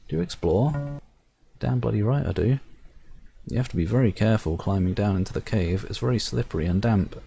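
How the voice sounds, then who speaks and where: A man's voice: on the low side, creaky, dark tone, slight background noise. A man playing a fantasy game, reading its narration aloud with wry asides. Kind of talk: let's-play commentary reading game text.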